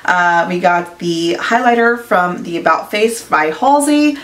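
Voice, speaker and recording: An excitable woman vlogger gushes her way through an unboxing, unhurried and full of "you guys". She sits a bit back from the mic in a roomy, echoey space. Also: on the low side, distant mic. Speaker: beauty vlogger. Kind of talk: casual unboxing chat.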